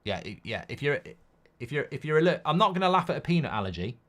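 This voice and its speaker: A man hosting a football watchalong stream. He chats casually, reads viewer comments aloud and rambles through stories in a blunt way, swinging between loud outbursts and low mutters. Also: sing-song, quick pace. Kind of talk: live-stream casual chat.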